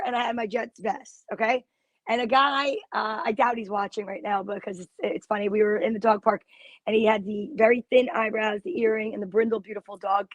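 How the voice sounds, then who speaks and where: A woman co-hosting a casual football chat show, telling stories in an animated, gossipy way. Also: on the high side, no echo. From New Jersey. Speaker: co-host.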